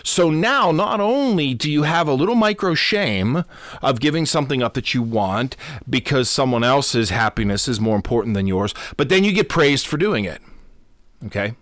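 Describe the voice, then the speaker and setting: Lively-pitched man, podcast life coach. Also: normal speed, dry recording. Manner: repetitive, self-correcting, asks "okay?" often. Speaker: Lutheran pastor and podcast host. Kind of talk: unscripted teaching talk.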